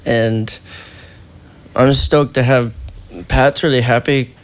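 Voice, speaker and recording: A man's voice: mid-range voice, steady tone, takes it slowly, smooth. Laid-back middle-aged man, phone guest. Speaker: guest surfboard shaper. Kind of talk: casual radio chat. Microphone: phone line.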